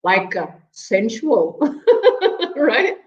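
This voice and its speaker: Slow-speaking Portuguese woman teaching words. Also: a little high, very animated. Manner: patient, chuckles often, asks "right?". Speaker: language teacher guest. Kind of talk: explaining vocabulary on a talk show. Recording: roomy, slightly dull audio.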